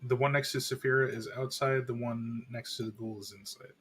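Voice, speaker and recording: A man at a mid-pitched, ordinary register runs the table as dungeon master, narrating monsters and calling rolls in an easygoing, brisk way. A faint hiss of noise sits under his voice. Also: flat delivery, fairly bright tone. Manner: easygoing, brisk rules calls. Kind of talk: running a tabletop game over a stream.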